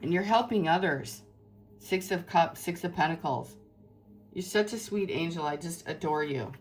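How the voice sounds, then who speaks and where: A woman's voice: on the low side, normal speed, soft background music. A woman giving a tarot reading to her viewers in an effusive, rambling, spiritual way. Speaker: tarot reader.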